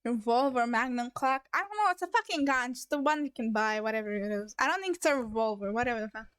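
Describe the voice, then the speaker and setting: A woman's voice: fairly high pitch, lively intonation, fairly bright tone, clean tone, no room sound. Playful, swearing woman streamer. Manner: playful, swears a lot, quick asides. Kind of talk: reading a story game aloud with live reactions.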